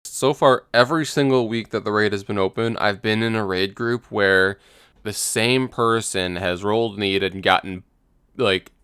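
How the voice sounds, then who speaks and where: A man's voice: low-pitched, fairly bright tone, smooth, no room sound, studio quality. A man co-hosting a podcast, rambling through casual gaming chat with lots of "like" as filler. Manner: rambling, heavy use of "like". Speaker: podcast co-host.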